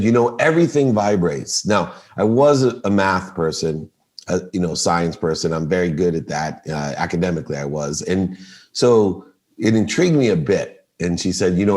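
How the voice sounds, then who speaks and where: A middle-aged man with a low, deep voice tells a story on a podcast. He is animated and acts out each person's lines as he goes. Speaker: podcast guest. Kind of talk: storytelling in a casual interview.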